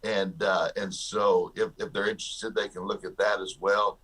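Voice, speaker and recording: A man's voice: fairly low pitch, level tone, normal speed, a bit bright. A man, a guest author and success coach, talking in an interview and telling jokey stories with a laugh. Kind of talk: storytelling interview talk.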